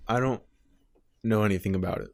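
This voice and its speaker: A man's voice: on the low side, fairly quick, darkish tone. A young man co-hosting a casual podcast, cracking wry jokes and swearing as he tells a story about a college class. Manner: wry, joking asides, profane. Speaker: podcast co-host.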